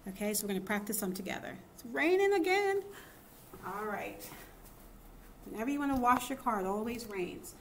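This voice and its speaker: A woman's voice: on the high side, expressive, normal speed, a little hiss or hum. A woman teacher giving a children's phonics lesson, upbeat and encouraging, checking in with "okay?" often.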